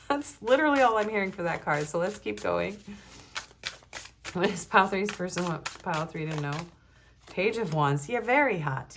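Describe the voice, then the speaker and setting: A woman with a fairly low voice chats her way through a pick-a-card tarot reading. She rambles, giggles often and leans on fillers as she goes. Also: a little hiss or hum. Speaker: tarot reader.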